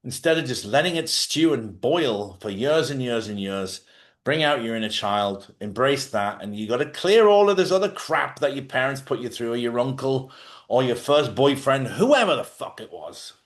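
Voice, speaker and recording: A man's voice: medium pitch, animated, moderate pace. A blunt man with an everyday mid-range voice, talking straight to his audience about letting go of the past. He speaks plainly and forthrightly and does not hold back a curse word. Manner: blunt, forthright, swears freely. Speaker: host. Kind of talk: live advice talk. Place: lives in Spain.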